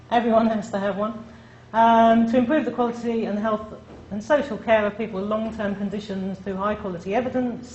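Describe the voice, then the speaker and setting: A woman giving a conference presentation to an international audience, chatty and self-deprecating, often checking in with the listeners. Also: mid-range voice. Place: lecture room. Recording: echoey room with faint noise.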